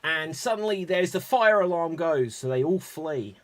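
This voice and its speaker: A man's voice: on the high side, animated, normal speed. A man hosting an improv pun game, telling jokes and calling on players by name. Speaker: improv host.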